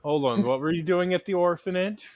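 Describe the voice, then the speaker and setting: A man with a somewhat raised voice, playing in a tabletop game and chatting casually. He jokes and cuts in with quick questions, and his voice sounds dry and close. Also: high voice, darkish tone, dry recording. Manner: joking, jumpy, interrupting. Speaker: player.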